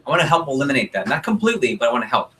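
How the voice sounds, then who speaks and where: A young man running a sales training workshop, coaching a group and acting out customer dialogue in an energetic way. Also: mid-range voice, very fast, rough recording. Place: meeting room with group.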